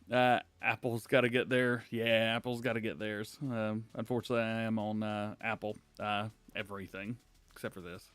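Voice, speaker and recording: A man's voice: medium pitch, normal speed, a bit bright, no echo. A man hosting a casual gaming news livestream, rambling, laughing often and apologizing to chat. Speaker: livestream host.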